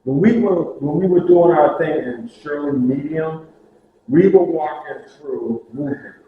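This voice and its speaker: A man telling lively stories about prison ministry to a group, acting out the voices of the people in them. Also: on the high side, measured pace, narrow, tinny audio. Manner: animated, acts out dialogue, laughs at own stories. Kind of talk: storytelling talk to a group. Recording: very echoey room with faint hiss.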